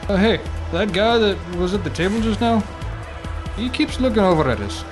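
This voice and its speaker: A man's voice: high voice, animated, normal speed, music in the background. An actor playing a touchy, defensive male fugitive who likes to gamble.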